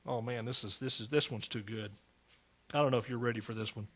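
A man's voice: medium pitch, steady tone, fast, fairly bright tone, husky. A man preaching a fervent sermon, calling out to his congregation.

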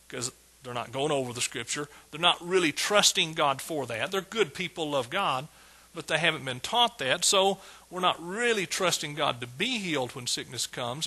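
A man preaching a sermon, emphatic, with sudden loud bursts and casual asides to the congregation. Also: a little high, slightly rough, low-quality recording.

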